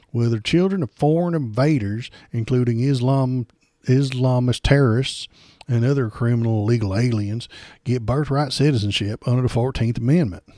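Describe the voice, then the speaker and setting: A man putting on a put-on Southern US accent to voice a pompous, bigoted Southern man, loud and mocking. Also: medium pitch, dry recording, clean studio sound, natural voice.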